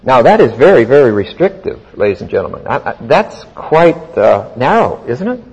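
A man teaching the Bible verse by verse in a deliberate, emphatic way. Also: mid-range voice, sing-song, darkish tone, husky, highs cut off. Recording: long hall reverb.

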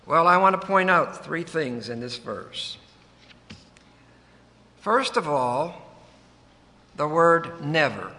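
A man's voice: on the high side, sharp tone. A man preaching a sermon, breaking down a Bible verse word by word, emphatic, with folksy joking asides. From United States. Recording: long reverb of a large hall.

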